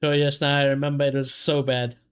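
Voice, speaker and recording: A man, casually commentating a football match for his live chat and reacting loudly to chances. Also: mid-range voice, flat delivery, a little fast, clear, resonant tone. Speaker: streamer hosting a football watchalong.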